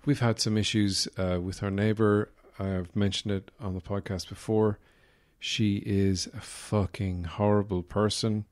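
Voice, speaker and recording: With a lowish, darkish voice, this Irish man speaks at a measured pace with a level tone and hardly pauses. As podcast host, he rambles through a casual comic monologue that's wry and full of fillers.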